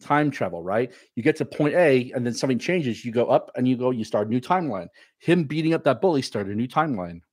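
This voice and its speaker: A man hosting a relaxed movie podcast, joking around and rambling through his points with frequent restarts. His voice sits at an ordinary middle pitch. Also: quick pace, dry recording. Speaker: podcast host. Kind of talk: casual movie chat.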